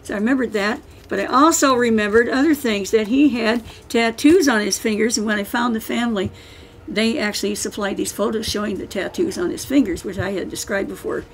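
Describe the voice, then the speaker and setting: A woman's voice: fairly high pitch, brisk, a little hiss or hum, poor audio. An older woman, an author, talking casually and emphatically to an audience, rambling and restarting as she goes. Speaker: author giving a book-signing talk.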